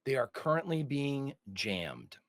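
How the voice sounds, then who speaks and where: A man running a tabletop role-playing game as game master, calmly calling for dice rolls and describing scenes. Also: medium pitch, slow, no room sound.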